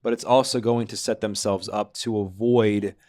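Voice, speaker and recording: A man's voice: fairly low pitch, steady tone, normal speed, darkish tone. A man hosting a podcast who asks long, searching interview questions. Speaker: podcast host.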